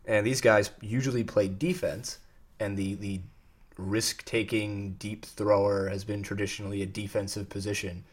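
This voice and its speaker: A man co-hosting a sports talk show, chatting casually with animated, jokey banter. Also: fairly low pitch.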